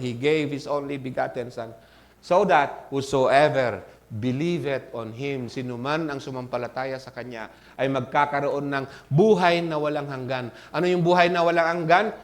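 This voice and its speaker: A male pastor with a Filipino accent preaching a sermon, mixing English and Tagalog, often asking the congregation "Amen?" and rising from soft asides to loud emphatic peaks. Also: fairly high pitch.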